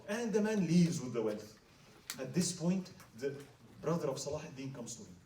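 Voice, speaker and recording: A man's voice: fairly high pitch, big pitch swings, normal speed, dark tone. A man telling a story in a dramatic lecture, often asking the audience "right?", in a hall at an Islamic center. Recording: roomy hall, mic at a distance.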